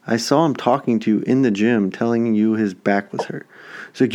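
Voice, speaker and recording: A young man co-hosting a podcast, telling a story in a casual, profane, animated way. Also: mid-range voice, normal speed. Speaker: podcast co-host. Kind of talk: casual chat.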